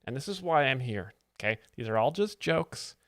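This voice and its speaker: A man hosting a stream as a mock-serious joke explainer, giving deadpan commentary on stand-up clips. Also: mid-range voice, moderate pace, no room sound, clean studio sound.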